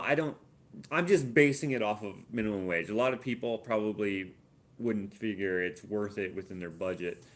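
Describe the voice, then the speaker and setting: A man's voice: on the low side, fairly bright tone. A Canadian man hosting a casual live Q&A from his home art studio, thinking aloud and muttering while he looks things up and works out sums. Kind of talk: casual live-stream chat.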